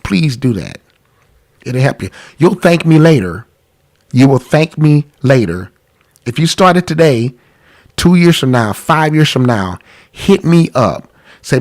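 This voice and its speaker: A man hosting a live-streamed talk about money, congested from a cold, earnest and pleading, repeating himself. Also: mid-range voice. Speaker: podcast host.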